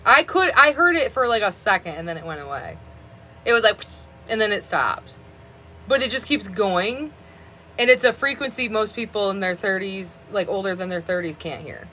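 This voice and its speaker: A woman's voice: medium pitch, lively intonation, moderate pace, sharp tone, a little hiss or hum. A woman around thirty rambling chattily on a phone live stream, with many fillers of "like". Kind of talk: casual live stream chat.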